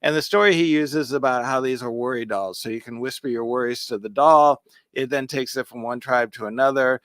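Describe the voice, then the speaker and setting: A man co-hosts a casual podcast about magic, explaining tricks step by step and counting aloud. His medium-pitched voice is a bit bright and fairly quick, captured in clean studio sound with no echo.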